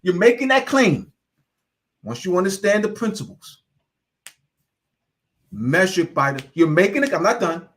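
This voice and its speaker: A man lectures with mounting fervor, hammering the same phrases over and over. His voice sits high for a man, and he slips into casual dialect as he preaches. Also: big pitch swings, measured pace, long pauses, a bit bright. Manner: preachy and repetitive, building in fervor; informal, drops into dialect. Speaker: host. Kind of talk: impassioned lecture.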